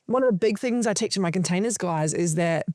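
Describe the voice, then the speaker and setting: Woman coach, lively storyteller, swears freely, dry close sound, podcast guest. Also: fairly low pitch, brisk, dry recording. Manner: animated storytelling, frequent swearing. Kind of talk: casual podcast conversation.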